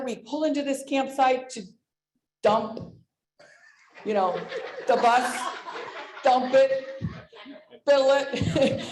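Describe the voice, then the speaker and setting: High-voiced, excitable woman in her sixties. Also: echoey room. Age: 60s. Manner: excitable, loud, laughs often. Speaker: presenter at a sales meeting. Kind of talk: energetic motivational storytelling.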